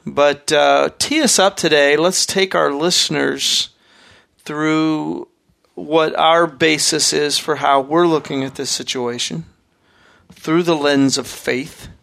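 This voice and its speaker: Gravelly middle-aged man hosting. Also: a little high, slow. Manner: relaxed, conversational, with fillers. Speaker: podcast host, church leader. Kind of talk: casual podcast chat.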